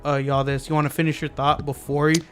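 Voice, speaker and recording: Rambling podcast host, slightly high voice. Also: male voice, level tone, quick pace. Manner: loose and rambling, lots of fillers and restarts. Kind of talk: casual podcast chat. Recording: lofi music underneath.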